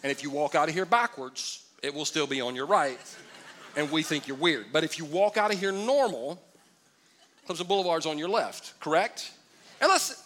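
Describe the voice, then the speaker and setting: High, bright-voiced male pastor preaching. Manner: conversational, humorous, animated preaching with crowd call-and-response. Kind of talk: sermon. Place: church auditorium.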